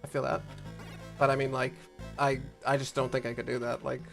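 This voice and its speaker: A man's voice: medium pitch, steady tone, quick pace, creaky, over music. A man playing along on a stream, chatting in an easygoing, hesitant way. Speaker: co-player and guest. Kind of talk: casual chat while gaming.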